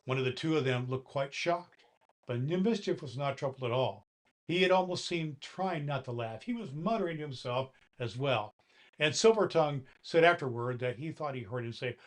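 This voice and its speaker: Playing Santa Claus, a man reads a children's story aloud gently and speaks to the boys and girls listening. His voice is medium-pitched, at normal speed.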